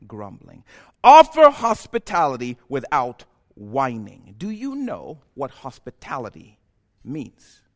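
Impassioned male preacher with lively pitch. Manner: impassioned, swings from quiet to shouted peaks. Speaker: pastor. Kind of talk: sermon. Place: church.

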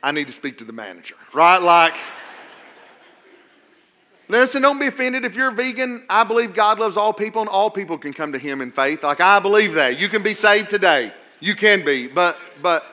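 A middle-aged man preaching a sermon, telling funny stories and swinging between loud emphasis and quiet asides. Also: high voice. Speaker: pastor.

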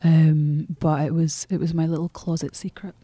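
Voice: medium pitch, level tone, moderate pace, dark tone, no room sound. An author speaking earnestly in an interview, often restarting phrases and using fillers. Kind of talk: reflective interview talk.

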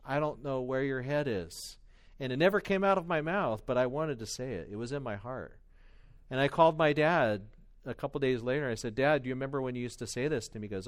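A middle-aged man gives a sermon in an easygoing, conversational way. He pokes fun at himself while he tells stories. His voice sits at an ordinary middle pitch. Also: animated, a little fast. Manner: conversational, self-deprecating storytelling. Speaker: pastor.

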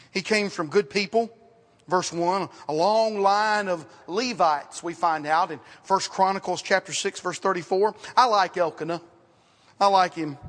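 A man preaching a sermon as pastor, in a conversational style, repeating words and dropping to quiet asides. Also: sits high. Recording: reverberant hall, sometimes off mic.

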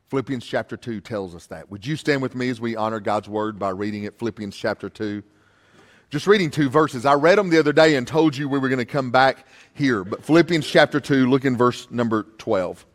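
A man preaching a sermon as a pastor, telling a story and repeating words as he starts sentences, slowing down when he reads scripture. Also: medium pitch, big-room sound. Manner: slows down and rises when reading scripture.

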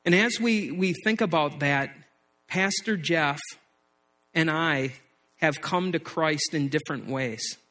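Middle-aged pastor, slightly high voice. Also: male voice, slow, pushed and bright. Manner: storytelling, repeats words as he speaks. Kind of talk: sermon.

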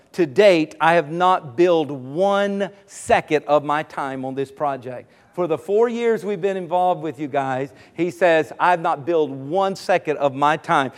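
Male pastor with a high voice, preaching from the pulpit, lively storytelling. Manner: animated, rises to exclamations of praise. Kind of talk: sermon storytelling.

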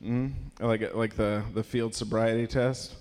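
His delivery is flat and measured, in a lowish voice with a darkish tone, heard in a large hall. He's a stand-up comedian at a live showcase, rambling through a story full of fillers and cracking himself up.

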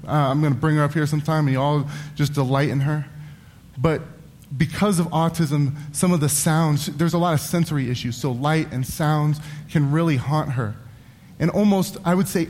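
Pastor, man in his thirties, fairly high voice, earnest sermon with wry asides, long church-hall reverb. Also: a little mellow.

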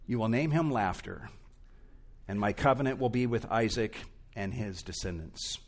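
A man's voice: fairly low pitch, lively intonation, normal speed. A male pastor preaching an expository sermon in a church, earnest and emphatic, rising and falling in intensity.

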